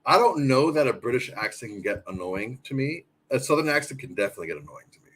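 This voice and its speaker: A man's voice: medium pitch, very animated, fast, a bit bright, husky. A man co-hosting a casual sports podcast, trading crude laughing banter. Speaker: podcast co-host.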